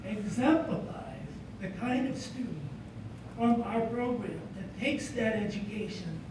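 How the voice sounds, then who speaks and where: A man, a psychology professor, presenting a student award with an earnest, storytelling manner. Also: measured pace. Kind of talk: ceremony presentation speech. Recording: echoey hall from far off, background rumble.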